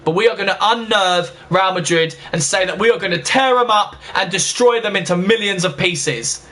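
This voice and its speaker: Young gaming host, high and bright, talks to viewers like mates, short-fused. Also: male voice. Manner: chatty, talks straight to viewers, quick to get annoyed. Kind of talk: casual let's-play commentary.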